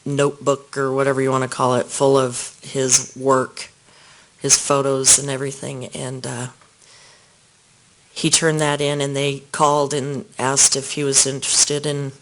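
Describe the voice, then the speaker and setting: Soft-spoken man testifying in court. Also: mid-range voice, monotone, slight background noise, low-quality recording. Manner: soft-spoken, halting, with small restarts. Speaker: witness giving testimony.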